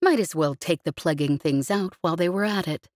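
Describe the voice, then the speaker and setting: A woman narrating an audiobook with an expressive, vivid storytelling delivery. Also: fairly low pitch, fairly quick, dry recording, clean studio sound.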